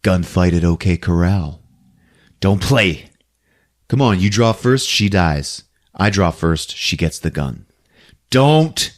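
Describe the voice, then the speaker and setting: A man voicing a reckless tough-guy gunslinger who talks gruffly and lower than his usual voice. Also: expressive, slow pace, pauses often. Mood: challenging.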